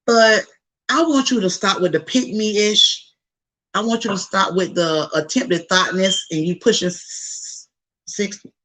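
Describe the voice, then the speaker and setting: Woman podcast host with a bright, forward voice, gossiping casually and talking straight to her listeners. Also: on the low side, creaky, husky, poor audio. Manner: animated, chatty, slangy asides to listeners. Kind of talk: casual celebrity gossip chat.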